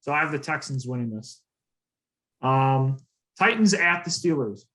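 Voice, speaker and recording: A man's voice: medium pitch, lively intonation, unhurried, bright, forceful tone, poor audio. Casual man talking football picks. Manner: casual, filler-heavy, confident predictions. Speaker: co-host. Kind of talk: casual sports picks chat.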